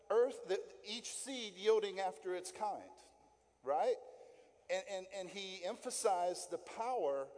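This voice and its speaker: A man's voice: high voice, dark tone. A middle-aged man filling in as a lay preacher, giving an emphatic sermon that he keeps punctuating with "right?" and repeated key points. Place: church sanctuary. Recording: long church reverb.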